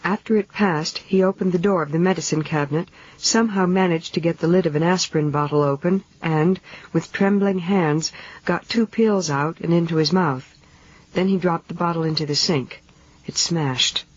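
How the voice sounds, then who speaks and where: A narrator giving a steady, measured reading of a novel. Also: mid-range voice, no room sound. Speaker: audiobook narrator. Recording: dull lo-fi 1970s audiobook tape.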